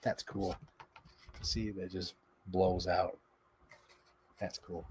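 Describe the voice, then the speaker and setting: A man hosting a toy unboxing show in casual chat, rambling excitedly and swearing freely. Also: low voice, extremely slow, background noise.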